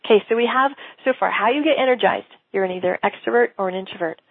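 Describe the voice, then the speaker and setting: A woman business coach teaching in a casual, animated way, often acting out quoted dialogue and laughing. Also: mid-range voice, quick pace, breathy edge, no echo. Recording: tinny phone-like sound.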